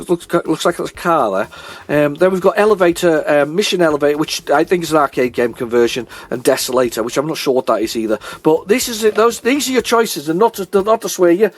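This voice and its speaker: A man hosting a retro gaming video, rambling chattily with many fillers and restarts as he shows old game tapes. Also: fairly high pitch. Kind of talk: casual chat while showing old game tapes.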